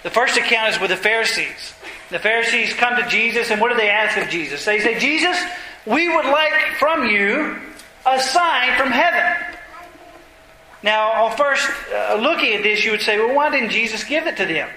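A man, a pastor, preaching a sermon to his congregation, earnest and slowing down low for emphasis. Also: sharp tone, slight background noise. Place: church sanctuary. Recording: echoey church room, faint ambience.

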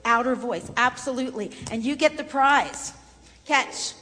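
High-voiced woman coaching singers. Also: measured pace. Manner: lively, chatty, laughs between points. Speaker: vocal coach. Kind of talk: voice workshop lesson. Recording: long reverb in a large room.

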